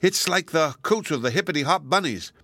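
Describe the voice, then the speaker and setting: A man voicing an excited young boy in a children's story, high and eager. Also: brisk, no room sound, heavily acted.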